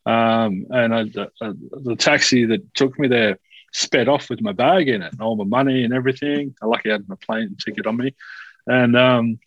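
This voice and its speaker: Aussie host, mid voice, rambly and reflective, a bit muffled and dry. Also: male voice, mid-range voice, moderate pace, dry recording. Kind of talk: casual podcast chat.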